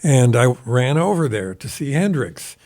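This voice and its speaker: An older man in his seventies holds the floor in a studio, spinning a long story with loose, rambling energy. His voice sits at an ordinary middle pitch, and he drops casual swear words as he talks. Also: big pitch swings, a little slow, darkish tone. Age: 70s. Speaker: guest guitarist. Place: recording studio.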